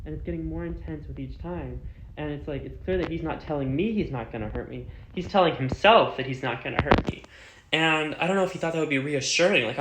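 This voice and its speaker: A woman's voice: deep voice, brisk, a little hiss or hum. Young woman, casual storytime, filler-heavy chatter, swears a lot, echoey room. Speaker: vlogger. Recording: roomy echo.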